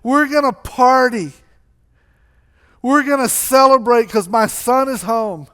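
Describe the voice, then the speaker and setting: An overjoyed old father calls out orders in a high, loud, exclaiming voice, as a preacher puts him on. He is excited and bursting with commands. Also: slow, exaggerated voice. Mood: jubilant.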